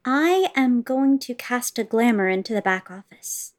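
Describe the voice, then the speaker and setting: Excited woman at a tabletop game, high voice that jumps around a lot. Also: unhurried. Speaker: player. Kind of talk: tabletop role-play.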